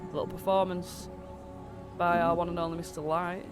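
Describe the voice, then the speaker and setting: A man's voice: sits high, little pitch movement, normal speed, music in the background. A man narrating as game master of a tabletop game, rambling with lots of fillers while he has a cold.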